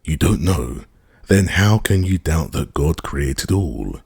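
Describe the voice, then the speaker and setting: A tired but kindly little old priest, as a man reads him in an audiobook, hurries through his usual church patter. The voice sits extremely low with a husky, gravelly grain. It lilts up and down a good deal. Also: expressive, a little mellow, no echo, clean studio sound, full character voice. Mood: hurried. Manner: rapid routine church patter.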